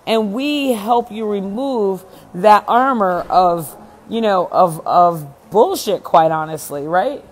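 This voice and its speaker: A woman's voice: mid-range voice, lively intonation, slow. A woman hosting a casual live chat with viewers, talking in a blunt, emphatic way and swearing freely. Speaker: event host and speaker.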